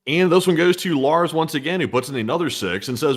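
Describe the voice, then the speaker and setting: A man's voice: a little high, lively intonation, quick pace, few pauses. A man co-hosting a casual news commentary stream, reading viewer donations in a wry, conversational way.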